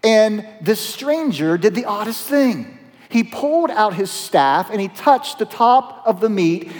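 Male pastor, storytelling sermon, animated and playful, heard with long hall reverb. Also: high-pitched.

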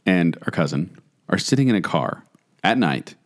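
A man with a lower-pitched voice chats on a podcast. His pitch rises and falls a lot as he tells his stories. He gives an animated, conversational account. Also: moderate pace. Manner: animated storyteller, mimics a robotic toy voice. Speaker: podcast co-host. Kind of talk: casual chat.

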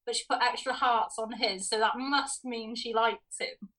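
A woman's voice: on the high side, fairly even intonation, moderate pace, a bit bright, rough recording. A woman, co-hosting a film podcast in casual chat, laughing often. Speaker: podcast co-host.

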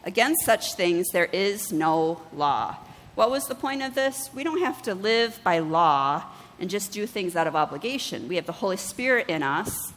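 A woman pastor preaching a sermon, telling stories with lively acted-out dialogue and asking the congregation questions. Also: on the low side, normal speed, big-room sound, poor audio. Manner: animated storytelling, acts out her own dialogue with God. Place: church.

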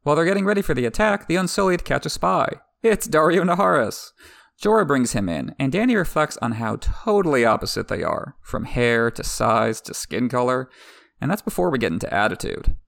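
Casting: sarcastic male book recapper, very gravelly, lively pitch, dry close sound. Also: fairly quick, no room sound. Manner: wry, irreverent, swears casually.

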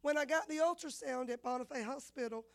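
A woman, a women's pastor telling a personal testimony in a sermon, animated and acting out the dialogue. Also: sits high, a little fast, creaky. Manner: animated storyteller, acts out dialogue.

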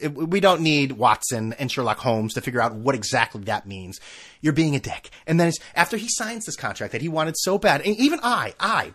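A man hosting his own podcast at home on a desk microphone, ranting casually with profanity and sarcasm, swinging between low mutters and loud outbursts. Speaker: podcast host. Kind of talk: casual solo podcast rant. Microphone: desk microphone with camera.

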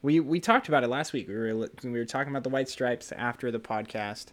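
A man co-hosting a casual podcast chat, animated and profane, laughing often as he talks. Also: medium pitch, fast talker. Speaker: podcast co-host.

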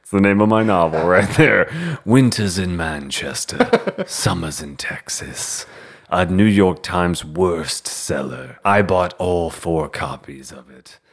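A man's voice: low-pitched, takes it slowly. A man co-hosting a podcast in casual chat, joking at his own expense and laughing often. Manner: jokey, self-deprecating, laughs often. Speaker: podcast co-host.

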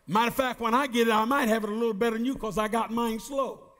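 A middle-aged male pastor preaching a sermon, reading scripture slowly and calling out questions to the congregation. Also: very high voice, steady tone, a bit bright. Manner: reads scripture slowly with emphasis.

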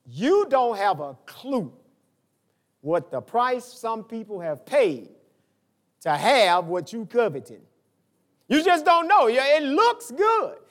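Animated older preacher. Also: male voice, takes it slowly. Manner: animated preaching, swinging from low asides to high emphatic peaks. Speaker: pastor. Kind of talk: sermon.

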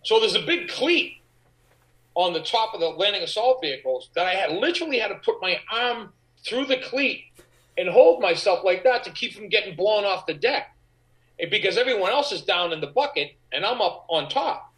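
A middle-aged man, an actor guest, telling animated anecdotes in an interview and acting out the voices of the people in them. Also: sits high, normal speed, poor audio. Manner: animated, acts out quoted voices. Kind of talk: anecdotal storytelling.

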